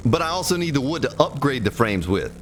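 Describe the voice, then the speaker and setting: A man's voice: medium pitch, very animated, brisk, slight background noise. A man giving folksy, joking commentary while streaming a survival game, chatting with viewers by name. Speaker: let's play streamer. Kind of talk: casual gameplay commentary. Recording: game music behind the voice.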